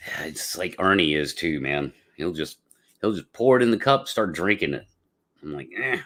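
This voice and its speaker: A man's voice: sits low, normal speed, fairly bright tone. A man hosting a casual live podcast, chatting with viewers in a rambling, laid-back way with lots of fillers. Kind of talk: casual livestream chat.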